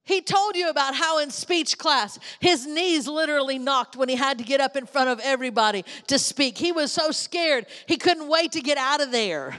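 A woman's voice: high-pitched, normal speed, hardly any pauses, fairly bright tone. A woman preaches to a congregation, driving her points home by repeating key lines. Her voice carries a long reverb from a large church hall. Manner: emphatic, repeats lines for effect. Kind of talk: sermon.

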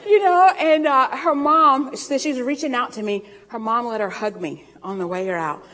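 A woman's voice: fairly high pitch, sharp tone. Folksy preacher woman in a reverberant hall. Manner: folksy storytelling, laughing often, drawn-out scripture reading. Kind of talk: sermon.

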